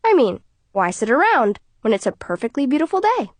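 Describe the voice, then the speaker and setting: A defiant teenage girl with a bright, high voice and a sharp, accusing edge, as a woman reads her in a storybook. The sound is dry and close. Her voice runs noticeably high. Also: big pitch swings, fairly quick, dry recording. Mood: mocking.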